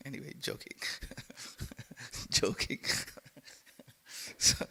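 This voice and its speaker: A man preaching a sermon in a temple hall, halting and repeating words, with playful asides. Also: medium pitch, sing-song, gravelly, sharp tone, breathy edge.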